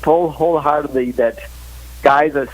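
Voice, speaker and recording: A man phoning in to a live talk show, his voice sitting a little high for a man. He rambles earnestly through opinionated advice, restarting his sentences as he goes. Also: steady tone, normal speed, poor audio. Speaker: caller. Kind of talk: phone-in advice chat. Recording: live call line.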